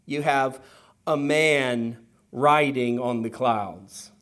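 A man preaching a sermon to his church, slow and emphatic, with deliberate pauses between phrases. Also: medium pitch, fairly bright tone. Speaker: pastor.

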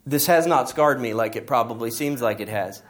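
A man's voice: mid-range voice, normal speed, a faint crowd. A middle-aged man preaching a sermon as pastor, telling stories and pressing his points with emphasis. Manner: storytelling, emphatic with rising passages.

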